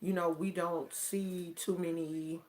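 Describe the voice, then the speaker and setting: A timid, well-mannered teenage girl asks her questions quietly, as a woman storyteller quotes her. The delivery is soft, polite and unhurried, with a slightly low voice. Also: flat delivery.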